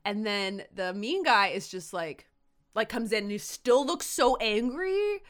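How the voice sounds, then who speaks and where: A woman's voice: mid-range voice, unhurried. A woman co-hosting a podcast, retelling a TV episode in casual chat and acting out the quotes. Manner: animated storyteller acting out quotes. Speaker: podcast co-host.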